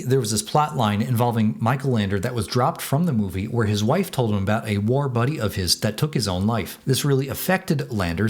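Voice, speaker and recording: A man reviewing and comparing a novel and its film adaptation in a casual, matter-of-fact way. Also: mid-range voice. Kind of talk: scripted video commentary.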